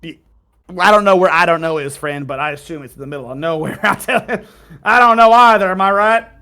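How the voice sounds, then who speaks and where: A man with a high, bright voice runs a tabletop game from his home mic. He talks in a rambling, folksy drawl and laughs often. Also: fast talker, clean tone. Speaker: game master. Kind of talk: playing a tabletop game, doing character voices.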